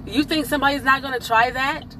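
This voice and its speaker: A woman's voice: high-pitched, fairly even intonation, fast talker, bright, forceful tone, a little hiss or hum, poor audio. A woman hosting a podcast, giving her opinions in a blunt, emphatic, profane way. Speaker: podcast host. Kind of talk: casual opinion monologue.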